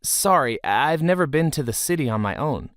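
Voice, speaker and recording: A man voicing an anxious, polite young boy who pleads earnestly in a higher voice. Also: expressive, moderate pace, fairly bright tone, no room sound, studio quality. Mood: anxious pleading.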